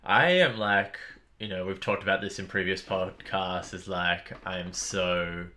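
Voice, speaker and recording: A man co-hosting a podcast, telling stories in a blunt, animated way, swearing freely. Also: deep voice, unhurried. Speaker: podcast co-host. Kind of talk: casual chat.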